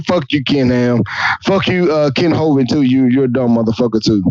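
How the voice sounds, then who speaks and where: A man's voice: mid-range voice, wildly swooping pitch, moderate pace, mellow, dry recording, muffled recording. A man hosting a podcast, reading scripture aloud and mocking it crudely, often stumbling and correcting himself. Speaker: podcast host. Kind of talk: comic Bible reading with commentary.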